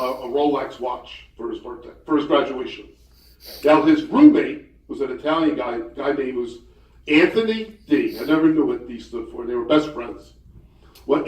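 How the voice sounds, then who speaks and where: A man in his sixties doing stand-up storytelling, with chatty, hesitant delivery and deadpan punchlines. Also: on the high side. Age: 60s. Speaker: comedian at a banquet. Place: banquet hall. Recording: echoey hall, voice far off.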